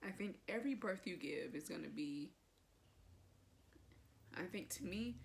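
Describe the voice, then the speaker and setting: Woman, gravelly voice, lowish pitch, casual vlog storytelling, chatty, emotional. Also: lively intonation, measured pace, long pauses, a little hiss or hum. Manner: chatty, filler-heavy, emotional retelling. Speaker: vlogger.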